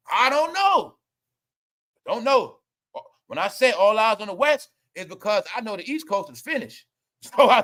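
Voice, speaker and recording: High, bright-voiced man laughing through gossip. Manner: loud, laughing, repetitive, addresses viewers as y'all. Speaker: commentary host. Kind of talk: live-stream gossip commentary.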